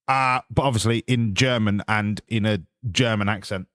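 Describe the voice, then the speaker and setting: A man's voice: on the low side, moderate pace, fairly bright tone, clean tone, no echo, studio quality. A man with an English accent streaming live, chatting casually and swearing while bantering with his viewers.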